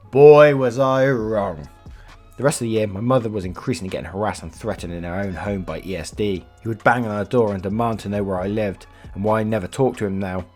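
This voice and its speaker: A male narrator reading online posts aloud in a low-pitched, casual voice. He swears freely and chats between passages. Faint music plays behind him. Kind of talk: reading Reddit stories aloud.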